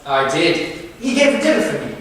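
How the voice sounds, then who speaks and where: A young actor playing a flamboyant, vain English playwright on a live stage, drawling grandly in a put-on English accent, recorded in an echoey theater. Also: male voice, on the high side, sing-song, normal speed, a bit bright. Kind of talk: live amateur stage play. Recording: roomy hall recorded from far off.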